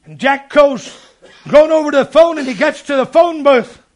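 A man delivers a fervent sermon in a very high voice. He carries the story along, then breaks into loud shouts. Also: normal speed. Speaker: preacher.

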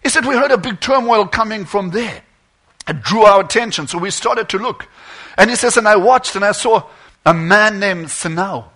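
High, bright-voiced male storyteller. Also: expressive, moderate pace. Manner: dramatic, drops to a hush then swells. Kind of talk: dramatic sermon storytelling.

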